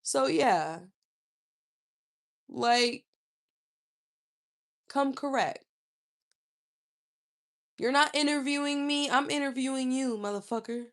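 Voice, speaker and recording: A woman in her thirties from Charlotte, a YouTuber ranting in a blunt, profane, animated way. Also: high-pitched, slow, pauses often. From Charlotte, North Carolina. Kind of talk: casual storytelling rant.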